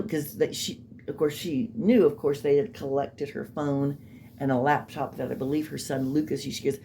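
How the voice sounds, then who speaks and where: Low-voiced woman giving skeptical commentary. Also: little pitch movement, measured pace, warm tone, a little hiss or hum. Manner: skeptical, rambling, mocking asides. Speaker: true-crime commentator. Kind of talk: casual commentary.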